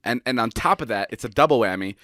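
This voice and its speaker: Fast-talking young man, casual podcast chat. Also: mid-range voice, lively intonation, fairly bright tone, no echo, studio quality. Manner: rambling, swears freely, rapid storytelling. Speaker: podcast co-host.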